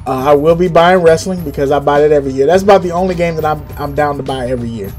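A man with a slightly high voice talking loosely and profanely in a podcast chat. He gets animated and jumps up into his quotes. Faint music plays underneath. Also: fast talker. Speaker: podcast co-host.

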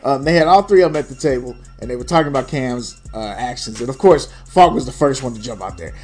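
A man's voice: medium pitch, lively intonation, quick pace, darkish tone, slightly rough, faint music behind. A young adult man co-hosting a casual sports chat, talking bluntly and profanely with a dismissive edge. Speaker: podcast co-host.

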